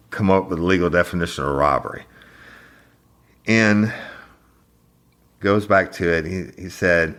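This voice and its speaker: A man's voice: sits low, fairly bright tone. A man hosting a true crime podcast, retelling courtroom exchanges and acting out the quotes. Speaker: podcast host.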